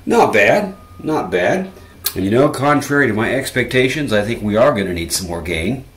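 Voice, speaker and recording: A man's voice: lowish voice, expressive, moderate pace, reverberant. A man hosting a casual guitar amp tutorial, chatty and self-correcting with dry little asides. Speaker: guitar lesson host.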